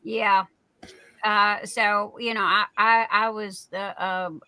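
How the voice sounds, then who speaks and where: Bright chatty woman hosting a livestream. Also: mid-range voice, fairly even intonation, slow pace, clean tone, no echo. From Southern Arizona. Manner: chatty, storytelling with laughs. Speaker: livestream host. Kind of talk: casual live stream chat.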